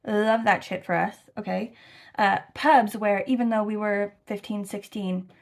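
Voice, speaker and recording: Young American woman, casual vlog chat, gravelly fry, animated rambling storyteller, sweary. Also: mid-range voice, unhurried. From United States. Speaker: travel vlogger.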